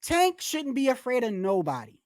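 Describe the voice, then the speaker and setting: A woman hosting a boxing livestream talks in a fired-up, slangy, profane rant, stumbling over restarts as she goes. Her voice sits a little high. She sounds dry and close on a streaming mic. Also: very animated, normal speed, darkish tone, dry recording. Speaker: boxing channel host. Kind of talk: casual livestream commentary.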